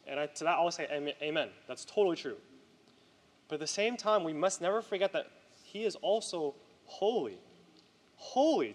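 A man's voice: fairly high pitch, big-room sound. A man preaching a conversational sermon to a youth group, often checking in with "right?".

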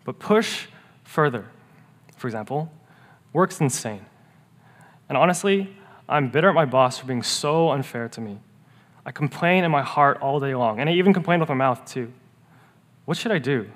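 A man preaching a sermon as pastor, earnest, rising to emphatic peaks and dropping to hushed, quiet lows. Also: expressive, normal speed, pauses often. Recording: long reverb of a church hall.

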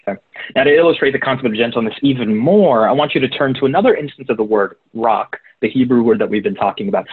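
A man's voice: mid-range voice, husky. A man preaching a conversational sermon, talking directly to his listeners and walking them through passages. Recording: tinny phone-like recording.

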